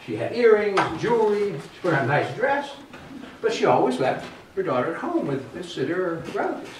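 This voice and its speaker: A man's voice: high voice, big pitch swings, brisk, heavy reverb, far from the mic, noisy background. Folksy man telling stories on stage. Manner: easygoing, folksy and conversational. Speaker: storyteller. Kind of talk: live one-man storytelling show. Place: theater stage.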